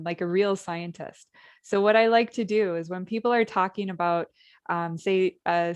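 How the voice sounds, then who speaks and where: A woman's voice: medium pitch, smooth. A woman hosting an interview, eagerly explaining something in a casual, conversational way. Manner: eager, enthusiastic explaining with fillers.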